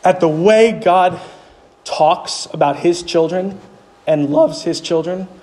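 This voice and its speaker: A male pastor delivering a sermon. He asks rhetorical questions and answers them himself, and his voice climbs higher on the key points. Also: a little mellow. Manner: emphatic preaching, voice climbing high on key points.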